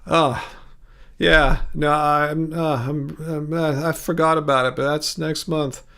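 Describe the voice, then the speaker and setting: A middle-aged man from California hosting a casual livestream, reading viewer comments aloud and rambling in halting, tired talk with frequent laughs. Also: on the high side, little pitch movement, gravelly, fairly bright tone. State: mentally tired. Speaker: livestream host reading chat.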